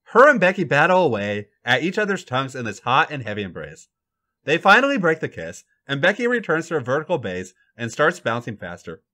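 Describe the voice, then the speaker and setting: A man hosting a podcast, reading a fan fiction story aloud with an animated, dramatic delivery. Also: medium pitch, brisk.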